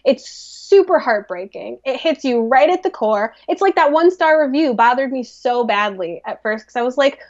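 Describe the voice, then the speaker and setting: High-pitched midwestern woman cohosting a podcast, ranting animated, kinda muffled lo-fi audio. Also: moderate pace, hardly any pauses. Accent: Midwestern American. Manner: animated, ranting with mock indignation. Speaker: podcast co-host. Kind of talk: casual chat.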